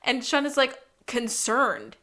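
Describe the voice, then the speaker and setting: Woman podcast cohost, kinda high bright voice, lively casual recap chat. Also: slow pace. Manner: lively storytelling, acting out quoted lines. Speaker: podcast co-host.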